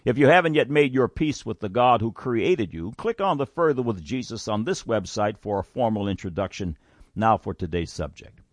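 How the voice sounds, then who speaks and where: Guy preaching a bible lesson, kinda low voice, dead dry close sound, earnest and punchy. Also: lively intonation, normal speed, dry recording. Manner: emphatic, earnest, reads scripture aloud. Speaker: Bible teaching show host. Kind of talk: scripted preaching with scripture reading.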